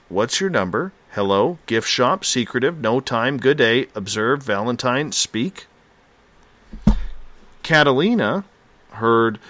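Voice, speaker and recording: Slow, steady radio host, dry sound. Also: male voice, mid-range voice, dry recording. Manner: reading out listener reports in a steady, unhurried way. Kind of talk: live talk radio.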